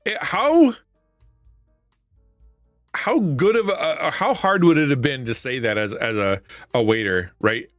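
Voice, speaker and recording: Man, livestream host, casual chat, lively pitch, laughs a lot, stuffy nose, dry close sound. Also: dry recording. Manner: laughs often, retells stories with acted quotes. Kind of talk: casual chat with live chat viewers.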